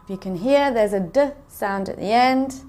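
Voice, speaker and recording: A woman teaching English pronunciation in a slow, careful way, saying each word twice for learners. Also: fairly high pitch, darkish tone, faint music behind. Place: classroom with a board.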